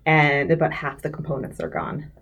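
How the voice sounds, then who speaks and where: A woman's voice: low-pitched, very animated, normal speed, gravelly, a crowd in the background. A woman narrating a tabletop role-playing game as game master.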